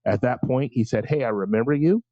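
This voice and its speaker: A man co-hosting a casual podcast, telling a story in a relaxed, halting way. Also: medium pitch, no echo, muffled recording. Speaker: podcast co-host.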